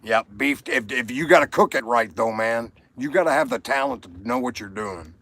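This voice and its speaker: Brief: rambling livestream host, animated delivery, dry recording. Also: male voice, medium pitch, moderate pace, gravelly, dry recording. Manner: rambling, reads viewer comments aloud. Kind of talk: casual chat.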